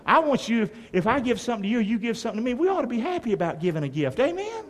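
A man's voice: very high-pitched, big pitch swings, rapid-fire, in a large hall. A man preaching a sermon as pastor, emphatic and drawing the congregation to respond. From North Carolina.

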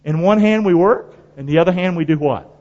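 A male pastor preaching a sermon in a folksy call-and-response style, his delivery swinging from loud to hushed. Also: a little high, fairly quick. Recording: dull sound with long hall reverb.

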